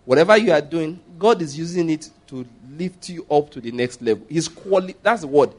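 A middle-aged Nigerian man preaching at a Bible study, chatty and lively, with laughing asides. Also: on the high side, fairly quick. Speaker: pastor.

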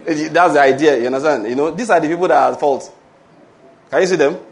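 A man's voice: on the high side, quick pace, some chatter behind. A man with a Nigerian English accent, preaching a sermon with rhetorical questions and calls for amen. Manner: animated preaching with rhetorical questions and call-and-response. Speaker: pastor.

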